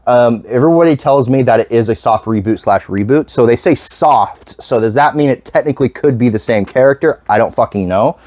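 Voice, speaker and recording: A man's voice: medium pitch, fairly quick, few pauses, darkish tone, no room sound. A man vlogging in casual chat, rambling with lots of restarts and frequent swearing.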